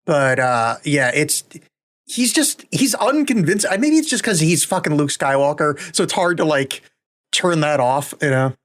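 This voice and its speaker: A man co-hosting a podcast in casual chat, blunt and profane and quick to joke. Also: a little high, expressive, a bit bright. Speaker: podcast co-host.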